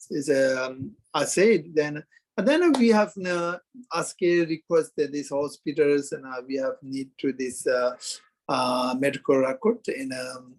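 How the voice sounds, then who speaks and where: Tibetan-accented man, halting and fairly high. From Kham, Tibet. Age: 50s. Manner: hesitant broken English, many pauses and fillers. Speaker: Buddhist lama telling his story. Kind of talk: halting interview storytelling.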